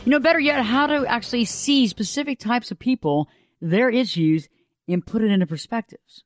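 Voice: medium pitch, moderate pace, no room sound, clean studio sound. A radio talk show host, delivering a folksy, conversational monologue.

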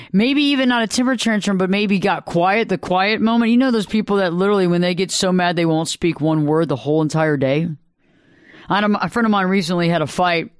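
A man's voice: high voice, clean tone, dry recording, studio quality. A man hosting a live radio advice talk show, emphatic and preachy, repeating phrases for effect.

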